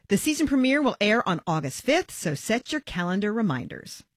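Lively, bright-voiced woman radio host. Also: on the high side, no room sound. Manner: lively, conversational, plays up surprise. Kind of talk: radio interview.

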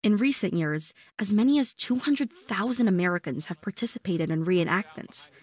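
A woman reporter narrating a scripted radio news feature in a steady, storytelling delivery. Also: mid-range voice, normal speed, breathy edge.

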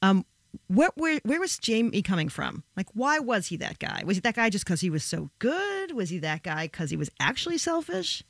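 A woman's voice: mid-range voice, big pitch swings, normal speed, gravelly, no room sound. A woman hosting a radio interview in a studio, upbeat and conversational. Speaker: radio host.

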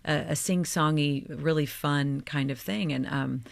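A woman from Oklahoma, a stage actor, talks with chatty animation in an interview. Her voice is on the low side. The recording is close and dry. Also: measured pace, creaky, no echo. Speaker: guest actor. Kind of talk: casual interview talk.

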